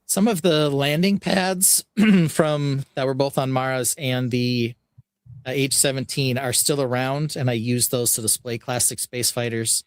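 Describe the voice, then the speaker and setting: A man hosting a casual podcast, his voice sitting at an ordinary middle pitch. He talks in a relaxed, rambling way, backing up and restarting as he thinks. The sound is dry and close, with no room echo. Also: a little slow, smooth. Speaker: podcast host and builder.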